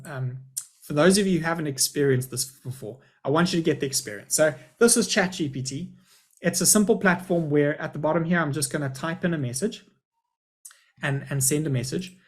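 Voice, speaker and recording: Upbeat higher-voiced male principal. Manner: upbeat, chatty presenter thinking aloud. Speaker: school principal. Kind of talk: live webinar presentation.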